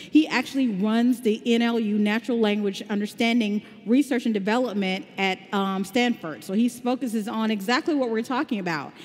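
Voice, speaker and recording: A woman with a slight Southern US drawl presents at a tech conference, upbeat and chatty as she explains ideas step by step. Her voice sits a bit high, and it rings with the long reverb of a big hall. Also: a little mellow. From Southern United States. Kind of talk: conference talk with live demo.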